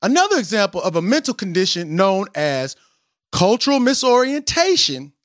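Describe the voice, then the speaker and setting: Animated high-voiced man hosting a podcast. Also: normal speed, no echo, studio quality. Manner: animated, self-mocking, preacherly emphasis. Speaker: podcast host. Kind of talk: casual podcast intro with attempts at rapping.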